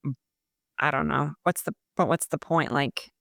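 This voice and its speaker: A woman's voice: low voice, fairly even intonation, moderate pace, gravelly, a bit bright, dry recording, clean studio sound. A woman who works as a dental hygienist, a podcast guest chatting loosely and leaning on filler words. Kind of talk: casual podcast chat.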